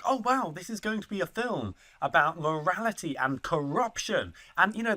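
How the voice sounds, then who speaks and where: A man's voice: fairly high pitch, bright, forceful tone. A man co-hosting a film review podcast, talking thoughtfully in casual chat with hesitant restarts.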